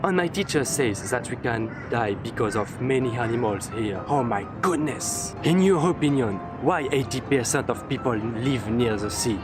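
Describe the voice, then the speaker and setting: A man's voice: mid-range voice, lively intonation, normal speed, hardly any pauses, over music. A young Frenchman with a French accent, narrating a playful, mock-outraged comic vlog in English. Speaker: vlogger.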